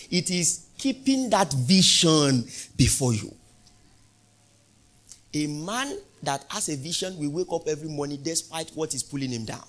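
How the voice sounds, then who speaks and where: A male pastor preaching a sermon, asking the congregation questions and building to loud, emphatic peaks. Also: on the high side.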